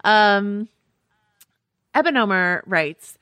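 A woman co-hosting a podcast in casual chat, animated and chatty, laughing often as she reads listener reviews. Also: medium pitch, normal speed, no room sound, studio quality. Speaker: podcast co-host.

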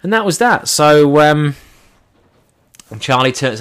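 A man telling a first-person anecdote in an animated way, acting out his own lines and his friends' lines as he goes. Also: mid-range voice, a little slow, smooth. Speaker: storyteller.

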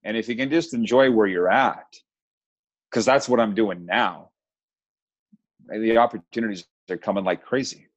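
A middle-aged man with a somewhat low voice, speaking frankly and telling stories on a podcast. His recording sounds dull and lo-fi. He pokes fun at his younger self in a relaxed, conversational way. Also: moderate pace, long pauses. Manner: candid, storytelling, self-deprecating. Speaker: guest. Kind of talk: casual podcast interview.

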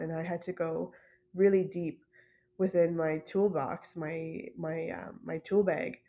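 Casting note: woman, low and even-toned, soft and halting, personal storytelling with many fillers. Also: slight background noise. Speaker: podcast host.

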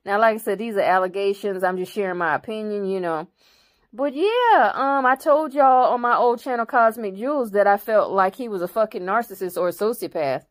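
A woman's voice: mid-range voice, a little fast. A woman hosting her own commentary channel, reading news articles aloud and breaking off into blunt, profane opinions.

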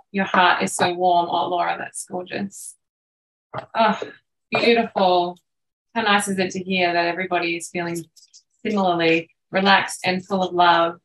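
A woman hosts a live online workshop, gushing and encouraging in a soft voice. She sits back from the microphone. The room is echoey. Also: on the low side, normal speed. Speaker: host. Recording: echoey room, distant from mic.

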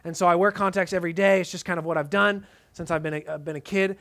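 A man preaching a sermon in an earnest tone, dropping to soft emphatic lines and casual asides. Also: high voice, fairly even intonation, fast talker.

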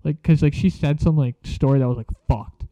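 A man's voice: fairly high pitch, steady tone, fairly quick, warm tone, dry recording, muffled recording. A young man telling a rambling story in a casual, slangy way, swearing a lot.

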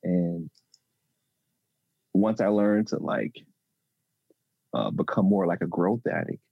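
A man, a relationship coach talking haltingly in a podcast interview. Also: low-pitched, creaky, breathy edge, no room sound, narrow, tinny audio. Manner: halting, with many restarts and fillers.

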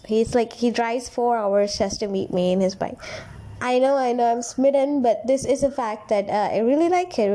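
Young woman vlogger, slightly high voice, rambling candid storytime, confiding and emotional. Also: warm tone. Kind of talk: casual storytime vlog.

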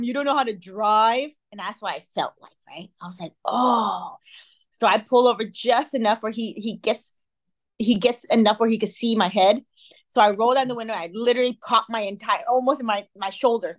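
Animated young woman telling a story. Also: a little high, a little fast. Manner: animated, acts out quotes, laughs often. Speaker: podcast co-host. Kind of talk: casual chat, storytelling.

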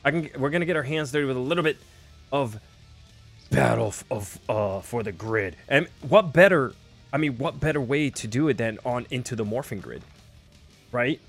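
A man's voice: medium pitch, expressive, moderate pace, gravelly, breathy edge, soft background music. A young man hosting a casual livestream, chatty and self-deprecating, with lots of fillers. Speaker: livestream host.

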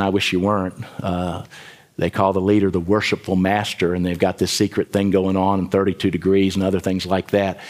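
A man preaching a sermon as pastor, building to sudden loud emphatic bursts and dropping back to a conversational tone. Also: medium pitch. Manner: mimics voices in quoted asides.

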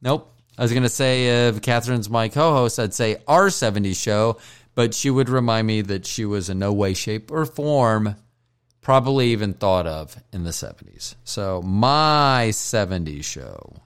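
A man's voice: on the low side, expressive, measured pace, clear, resonant tone. A man hosting a solo podcast while stoned, rambling, joking and swearing, with frequent apologies and self-deprecation. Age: older. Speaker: podcast host.

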